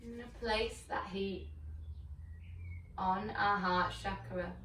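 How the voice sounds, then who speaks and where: A woman teaching yoga, guiding breath and chanting in a slow, soothing, gentle way. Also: medium pitch, fairly even intonation, roomy sound, distant mic, a little hiss or hum. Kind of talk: guided yoga and meditation instruction. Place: home room on a video call.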